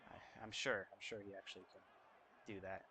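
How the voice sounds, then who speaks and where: A young man giving casual, excitable commentary over a football video game, reacting out loud to each play. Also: deep voice, moderate pace, a little hiss or hum. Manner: excitable, reacting loudly to plays. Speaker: gaming YouTuber. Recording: faint music behind.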